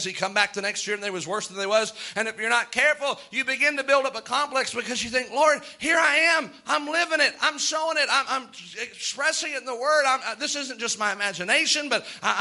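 A man's voice: high voice, pushed and bright. A man preaching a sermon from the pulpit, earnest and plain-spoken, rising to fervent outbursts. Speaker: pastor.

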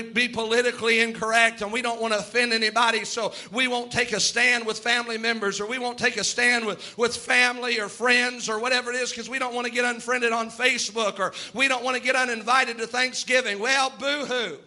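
A man preaching a sermon in a church, impassioned and building to shouts, acting out the voices in his story. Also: very high-pitched. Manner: plays out quoted voices in his telling.

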